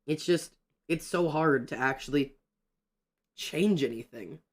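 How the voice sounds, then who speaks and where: Excitable young man streaming. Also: fairly high pitch, a little slow. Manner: excitable, ranting, greets chat members. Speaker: livestreamer. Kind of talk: casual livestream chat while drawing.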